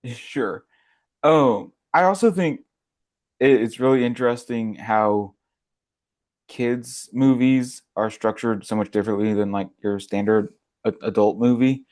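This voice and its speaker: A man's voice: medium pitch, a little slow, a little mellow. A man co-hosting a podcast in casual chat, making sarcastic jokes and laughing often. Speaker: podcast co-host.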